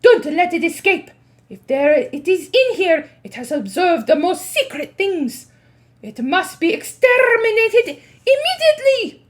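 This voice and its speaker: A shrill, commanding witch queen bellows orders across a storybook world, as a woman acts her out. Her voice sits very high and leaps wildly up and down, always scolding and ruthless. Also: very animated, unhurried, full character voice. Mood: furious. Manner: barking orders, shouting. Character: shrieking, domineering female witch leader.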